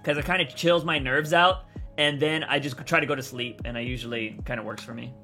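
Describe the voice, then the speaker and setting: Blunt swearing man with bright hoarse voice. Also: mid-range voice, steady tone, brisk, soft background music. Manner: blunt, swears freely, rambling. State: voice feels raspy. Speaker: content creator streamer. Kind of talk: casual livestream chat answering viewers.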